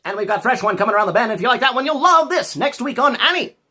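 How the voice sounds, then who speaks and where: A man's voice: extremely high pitch, animated, quick pace, pushed and bright, pitched above the performer's own voice, exaggerated voice. A man putting on a showy transatlantic accent as an old-time 1920s radio announcer with theatrical patter.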